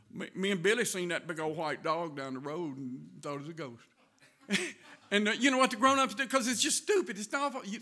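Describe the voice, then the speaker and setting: A man's voice: high voice, sharp tone. A man with a Southern US accent preaching a sermon in a folksy storytelling way, laughing as he goes.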